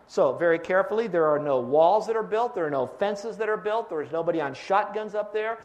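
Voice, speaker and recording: A man's voice: high voice, animated, normal speed. A pastor preaching a sermon, explaining step by step and quizzing his congregation for fill-in answers.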